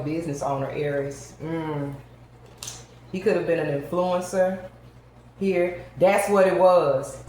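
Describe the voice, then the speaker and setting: A woman with a lowish voice reads tarot cards for her viewers. She is emphatic and talks straight to her audience. Her voice rings around a very echoey room with a faint hiss underneath. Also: a little mellow. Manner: emphatic, addresses viewers directly. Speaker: tarot reader.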